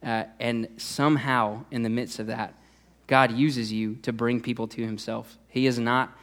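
Brief: male youth pastor, relaxed sermon delivery, mid-range voice, lots of fillers. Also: mid-range voice, measured pace. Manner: conversational, many "uh" fillers and restarts.

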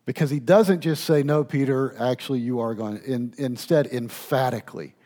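Man, pastor, sermon, emphatic, loud then hushed. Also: mid-range voice, moderate pace.

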